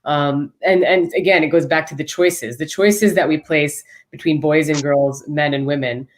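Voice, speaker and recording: A woman's voice: low-pitched, fairly even intonation, moderate pace. A woman speaking as a panel guest, earnest and articulate, building long arguments. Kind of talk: live panel discussion.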